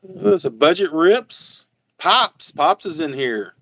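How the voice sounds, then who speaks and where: A man's voice: a little high, very animated, slow, gravelly, fairly bright tone, no room sound, rough recording. A laid-back man chatting on a livestream from home, laughing easily and reading out names from the chat. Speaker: guest and fellow collector.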